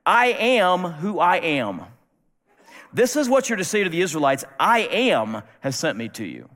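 A man's voice: sits high, big pitch swings, a little slow, a bit bright, full character voice. A man putting on a commanding divine male voice while retelling a story in a sermon. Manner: direct and instructing. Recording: long reverb of a large hall.

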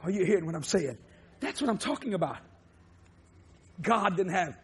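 High-voiced shouting Southern preacher man. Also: sing-song, normal speed. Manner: shouting, swinging from low to loud preaching. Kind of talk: televised sermon.

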